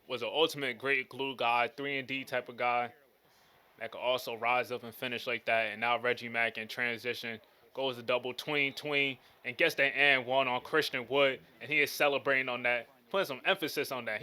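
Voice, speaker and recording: A man's voice: medium pitch, fairly even intonation, moderate pace, pushed and bright, clean tone. A man giving casual, slangy play-by-play commentary over a basketball video game. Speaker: gaming commentator.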